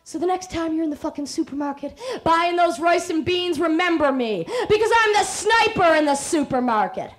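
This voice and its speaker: Woman, very high-pitched, provocative spoken-word performer with sultry-to-defiant swings. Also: fairly bright tone.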